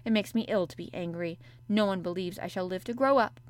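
A woman voicing a spoiled, sickly boy who is imperious and weary, speaking higher and more insistently. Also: fairly quick, natural voice. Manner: demanding, raised pitch.

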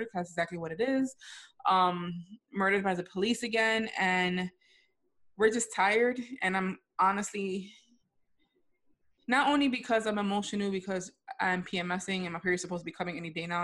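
A young adult woman talks on her podcast in a frank, emphatic way, swearing without a second thought. Her voice sits at a middling pitch, and the delivery stays loose and conversational. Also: fairly even intonation, brisk, fairly bright tone. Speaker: podcast co-host. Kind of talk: casual podcast chat.

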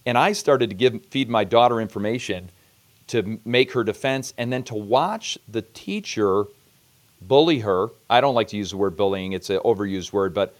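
Low-voiced man hosting an interview. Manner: measured, reflective, steers with questions. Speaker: podcast host. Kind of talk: conversational interview.

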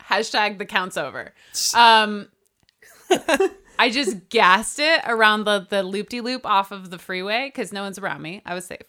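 A woman's voice: mid-range voice, a little slow, sharp tone. A woman co-hosting a podcast, telling a rambling, laugh-filled story in casual chat, swearing freely. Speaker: podcast co-host.

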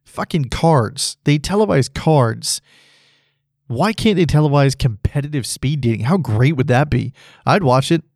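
A man's voice: mid-range voice, lively intonation, a little slow, vocal fry, darkish tone, no room sound, clean studio sound. A man hosting a solo podcast, rambling casually and laughing at his own jokes. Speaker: podcast host.

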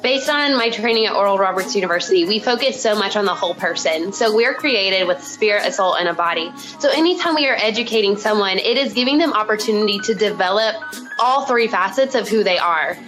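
A woman's voice: mid-range voice, fairly quick, poor audio. Twenty-something woman, arkansas accent, chatty and friendly, lots of ums, faint music underneath. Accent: Arkansas Southern US. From Arkansas, United States. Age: 20s. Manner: friendly, chatty, frequent ums and soft laughs. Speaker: guest, third grade teacher. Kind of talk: casual interview answers.

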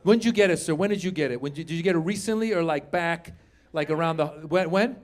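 A man's voice: a little high, fast. A man in his fifties doing a stand-up comedy set on a comedy club stage, talking to the crowd and acting out characters. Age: 50s. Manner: animated, crowd work, acts out characters.

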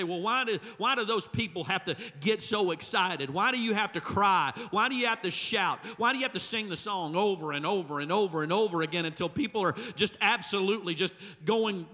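High, bright-voiced Pentecostal preacher man. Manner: swings from soft intimate to shouting climaxes. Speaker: pastor. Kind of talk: Pentecostal sermon. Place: church sanctuary. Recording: long church hall reverb.

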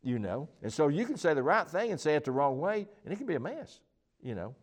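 A man's voice: a little high, very animated, brisk. A man teaching the Bible in an informal chat, talking in a rambling, emphatic way with many restarts and fillers.

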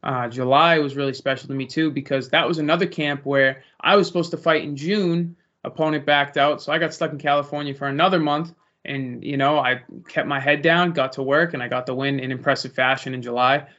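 A man's voice: medium pitch, steady tone, a little fast, pushed and bright. A young man, a pro fighter, casually answering interview questions in a rambling, easygoing way. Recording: lo-fi muffled audio.

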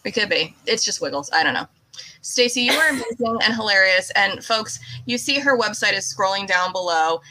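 Chatty Californian woman, bright voice. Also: mid-range voice, poor audio. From United States. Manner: chatty, animated, quick asides. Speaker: podcast host. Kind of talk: casual interview chat.

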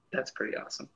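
A man co-hosting a casual podcast chat, joking and explaining in quick, animated banter. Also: rough recording. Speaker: podcast co-host.

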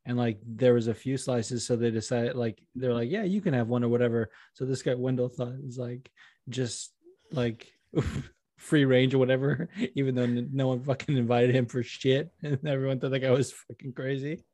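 A man's voice: medium pitch, steady tone, moderate pace, mellow, dry recording, clean studio sound. A man co-hosting a podcast over a video call, laughing often as he tells rambling stories and swears casually. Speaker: podcast co-host. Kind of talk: casual chat.

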